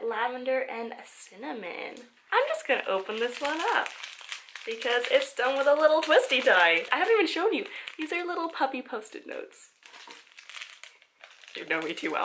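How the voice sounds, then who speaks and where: A woman chatting casually as she unboxes a package at a table, excitable and giggly, talking to the items as she finds them. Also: high voice, moderate pace, slight background noise. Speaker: vlogger. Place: indoors at a table.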